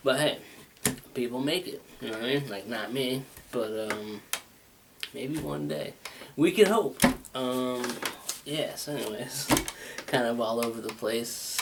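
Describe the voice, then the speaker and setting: A man's voice: medium pitch, measured pace, gravelly, pauses often. Rambling laid-back man, noisy recording. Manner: rambling, laid-back, swears and laughs often; says he has a stutter. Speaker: talk show host. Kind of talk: rambling solo monologue.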